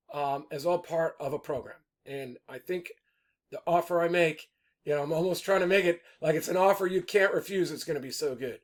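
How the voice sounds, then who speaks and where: Californian guy with a highish voice, rambly off-the-cuff talk, keeps cutting himself off. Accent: Californian English. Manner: animated, rambling, self-interrupting. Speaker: attorney and real estate broker. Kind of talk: casual off-the-cuff video talk.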